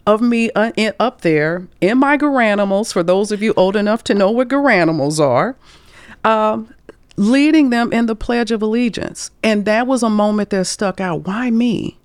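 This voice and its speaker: A woman in her fifties from St. Louis, a career coach telling stories as a guest in an interview, expressive and acting out quoted voices with chuckles. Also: mid-range voice, normal speed, no room sound. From St. Louis, USA. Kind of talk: storytelling interview talk.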